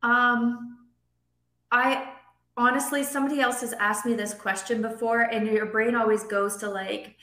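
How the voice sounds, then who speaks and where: A middle-aged woman talking as a podcast guest in a casual interview, animated and acting out quotes with a raised voice. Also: a little high, measured pace. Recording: echoey room.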